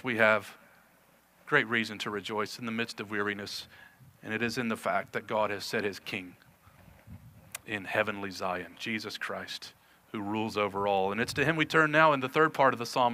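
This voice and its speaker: Male pastor, bright voice, earnest sermon delivery with emphatic scripture reading. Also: mid-range voice. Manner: earnest preaching, reads scripture aloud with emphasis.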